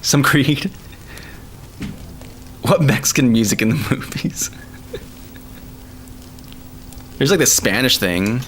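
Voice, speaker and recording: A man streaming live, chatting casually and excitedly, laughing often and using lots of slang. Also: mid-range voice, very slow, pauses often, slight background noise. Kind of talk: casual live-stream chat over music. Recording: music playing faintly behind.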